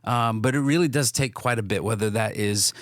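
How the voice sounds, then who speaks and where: A man's voice: lowish voice, brisk, no echo, clean studio sound. A man co-hosting a podcast in a casual, earnest way, often restarting his sentences. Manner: earnest, many restarts and fillers. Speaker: podcast co-host.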